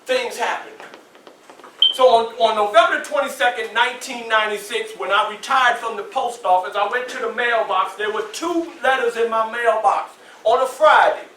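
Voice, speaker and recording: In an echoey school hall, recorded from a distance with background noise, a Southern US man in his sixties motivates students through preacherly call-and-response and folksy asides. His pitch is extremely high and his speed normal.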